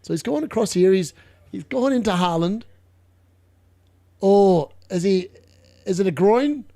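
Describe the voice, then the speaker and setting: A man streaming a live football watchalong, chatting, laughing, reading the chat and bursting into shouted play-by-play when the action picks up. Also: sits high, measured pace. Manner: excitable, bursts into shouted play-by-play at big moments; chatty, laughs often, reads chat aloud.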